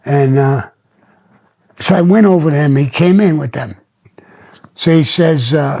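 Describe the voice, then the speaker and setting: Plainspoken and profane, an older man shares personal stories as host of his podcast. His voice is a little high with a darkish tone, and he takes his time, pausing often.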